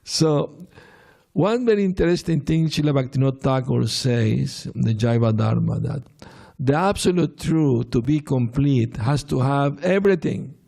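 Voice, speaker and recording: A man giving a devotional lecture, telling anecdotes with soft laughs and frequent fillers. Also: medium pitch, lively intonation, moderate pace, gravelly. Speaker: swami giving a class.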